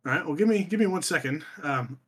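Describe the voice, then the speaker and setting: A man's voice: a little high, lively intonation, quick pace. A young man hosting a casual podcast, rambling through crude stories and swearing often. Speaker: podcast host.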